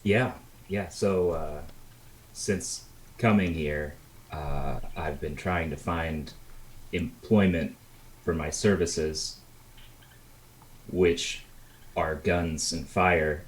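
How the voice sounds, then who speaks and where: A man voicing a gruff, terse male sniper for hire, speaking slowly and hesitantly. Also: rumbling low, full character voice, rough recording. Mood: guarded. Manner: slow, hesitant, clipped.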